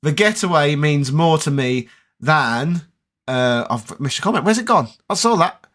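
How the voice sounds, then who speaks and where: A man chats loosely with his viewers, drifting between points with plenty of ums and uhs. His voice sits a little high and rings bright and forward. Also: animated, measured pace. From United Kingdom. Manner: chatty, rambling, with many fillers. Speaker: gaming channel host. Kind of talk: casual live chat answering viewer comments.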